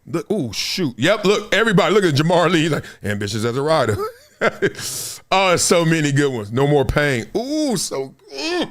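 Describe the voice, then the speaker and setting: With a fairly high, slightly bright voice and a moderate pace, this fifty-year-old podcast host sounds very animated. He spins slangy stories, does the characters' voices, and laughs a lot.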